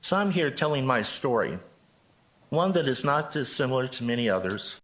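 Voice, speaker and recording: Older guy, pastor, reading his statement at city council, earnest and deliberate, mid voice. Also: medium pitch, sing-song, a bit bright. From Joplin, Missouri. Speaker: pastor speaking at public comment. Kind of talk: prepared public statement.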